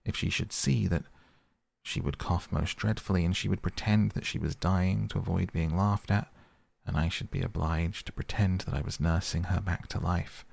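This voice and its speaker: A man reads a small, polite boy prince in a storybook audiobook, lifting his voice slightly for the child. The voice is low and gravelly with a husky edge, recorded close and dry. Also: fairly even intonation, normal speed, a little mellow, no echo, exaggerated voice. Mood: sad. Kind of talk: audiobook reading.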